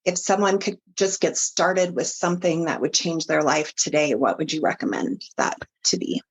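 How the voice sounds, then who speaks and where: A woman's voice: low voice, moderate pace, slightly rough. A woman hosting a podcast interview, prompting her guest with encouraging questions. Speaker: podcast host.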